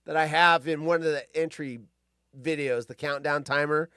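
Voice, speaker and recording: A man's voice: on the high side, fairly even intonation, normal speed, sharp tone, clean tone, no echo, studio quality. A man hosting a live show, chatting casually and reading news stories aloud in a rambling, foul-mouthed way with many restarts. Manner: rambling, swears freely, lots of restarts.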